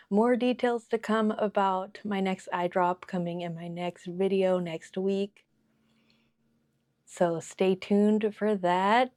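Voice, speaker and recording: A young woman vlogs about her crochet work in a casual, gushing way, giggling and piling up fillers as she talks. Her voice sits at an ordinary middle pitch. The sound is dry and close, with no room echo. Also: a little mellow. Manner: gushing, giggly, says "like" and "oh my gosh" often. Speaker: crochet vlogger. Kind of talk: casual chat.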